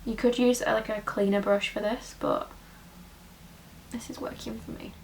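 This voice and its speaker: A woman's voice: mid-range voice, steady tone, normal speed, creaky, a little hiss or hum, rough recording. A woman, chatting her way through a casual makeup tutorial at home in a rambling, talkative way. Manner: chatty and rambling, full of "like" and "you know". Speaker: makeup vlogger.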